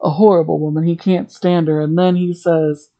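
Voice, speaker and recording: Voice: mid-range voice, little pitch movement, normal speed, warm tone, lo-fi sound. A podcast host recapping a TV episode in a chatty, rambling way, drifting into tangents.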